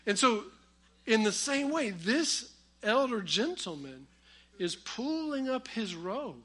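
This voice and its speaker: A man preaches a sermon and weaves family stories into it with humor. His voice sits high and bright. He pushes hard on key lines, then drops to quiet asides. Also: expressive, moderate pace. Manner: storytelling with humor, swings between loud emphasis and quiet asides. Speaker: pastor.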